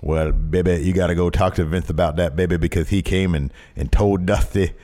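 A man's voice: low voice, fairly even intonation, a little fast, mellow, pitched below the performer's own voice, close to an everyday voice. A man putting on the voice of a brash veteran wrestling booker who keeps calling people "baby". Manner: calls everyone "baby", boastful.

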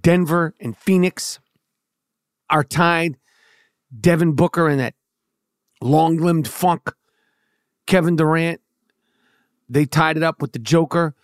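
A man's voice: on the high side, smooth, no room sound, studio quality. A man with a New York accent hosting a podcast, ranting heatedly with lots of profanity and stammered restarts. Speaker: podcast host. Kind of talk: casual monologue rant.

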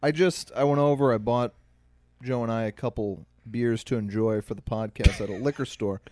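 A young man co-hosting a podcast, telling stories in casual, animated chat. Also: medium pitch, dry recording, clean studio sound. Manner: animated storyteller, quick asides. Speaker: podcast co-host.

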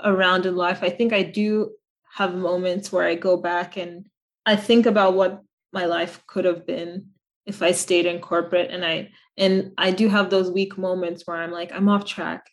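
Reflective woman guest, halting speech. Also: fairly low pitch, level tone. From United States. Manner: reflective, with many fillers and restarts. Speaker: podcast guest. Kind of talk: casual interview chat.

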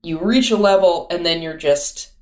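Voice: mid-range voice, moderate pace. A young adult touring performer chatting casually, full of fillers and self-mocking asides. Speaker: touring musician-comedian, guest. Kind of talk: casual chat.

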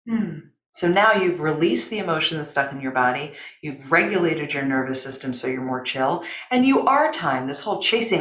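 A woman guest coach talking in an emphatic, expressive way that drops soft and breathy when she turns reflective. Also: very deep voice, fairly quick. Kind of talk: expressive conversational interview. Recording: roomy echo.

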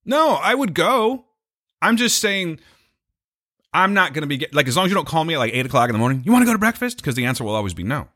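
A man's voice: on the high side, lively intonation, quick pace, sharp tone. An older man co-hosting a casual chat, laid-back and joking.

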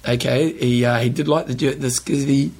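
Guy with a husky gravelly voice, joking around as co-host on a chat show. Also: medium pitch, steady tone, normal speed, a little mellow. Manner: laughing, joking, reads listener notes aloud. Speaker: podcast co-host. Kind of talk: casual chat.

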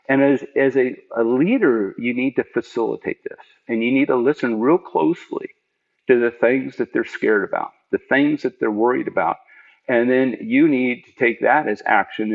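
A man, a program manager, telling an interviewer about his work in an earnest, emphatic way and jumping up in pitch to stress his points. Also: gravelly. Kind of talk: conversational storytelling in an interview. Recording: dull lo-fi audio.

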